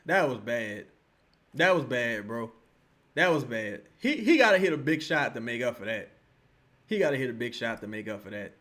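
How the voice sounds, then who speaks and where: A man, streaming live basketball commentary, excitable and swearing, erupting into shouts and then dropping to low muttering. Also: normal speed. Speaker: sports streamer reacting to a live game.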